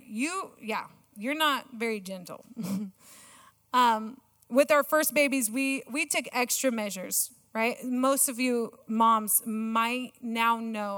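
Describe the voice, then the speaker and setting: A middle-aged woman giving a sermon with a personal story, excitable and self-mocking, laughing often. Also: on the high side. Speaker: church speaker. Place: church auditorium. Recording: long church hall reverb.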